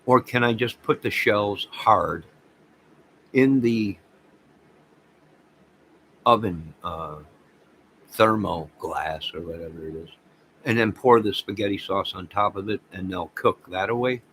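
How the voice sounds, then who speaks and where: A man hosting a casual livestream, rambling excitedly and talking to viewers by name. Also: on the low side, slow, long pauses, a little hiss or hum, poor audio. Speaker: livestream host reading chat.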